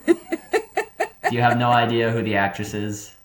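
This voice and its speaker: A man's voice: mid-range voice, little pitch movement, a little slow, reverberant. A man hosting a casual film review talk with his mother, explaining his points earnestly.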